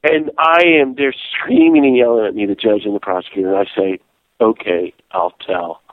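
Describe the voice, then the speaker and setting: A man telling a lively story in a casual interview, laughing as he goes. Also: medium pitch, fairly quick, no room sound. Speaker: guest, peace activist and priest. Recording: tinny phone-like line.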